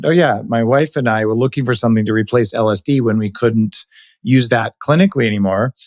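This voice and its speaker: A man hosts a podcast in a lively, opinionated way, throwing in quick asides. His voice sits at a middle pitch. The sound is dry and close. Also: dry recording. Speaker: podcast host. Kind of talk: casual interview chat.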